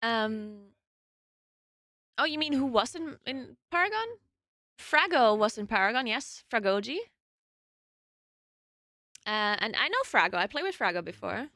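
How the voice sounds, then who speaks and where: A bright, lively young woman with a South Tyrolean German accent, her pitch set a little high and bouncing freely as she chats with viewers. She giggles often and drops the odd swear word. Her voice sits close and dry, with no room around it. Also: a little slow, long pauses, dry recording. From South Tyrol, Italy. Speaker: streamer. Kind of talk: casual chat answering live chat.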